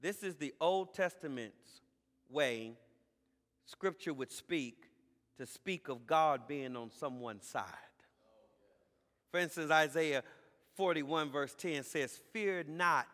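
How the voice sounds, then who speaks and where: High-voiced man preaching in an echoing hall. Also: slow pace. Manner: builds from calm to shouted emphasis, stretching key words. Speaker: pastor. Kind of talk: sermon. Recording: live sermon in a reverberant hall.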